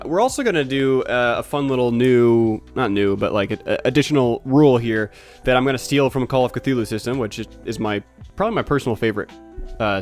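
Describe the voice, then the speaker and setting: Rambling male game master. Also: mid-range voice. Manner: rambling, full of fillers and self-corrections. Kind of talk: narrating a tabletop game.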